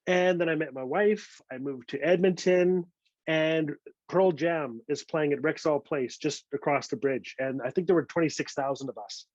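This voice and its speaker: A man's voice: a little high, normal speed, darkish tone, dry recording. A man telling a personal story at a literary talk, earnest and prone to repeating words as he restarts. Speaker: author speaking at a literary event. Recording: dull, slightly lo-fi dry sound.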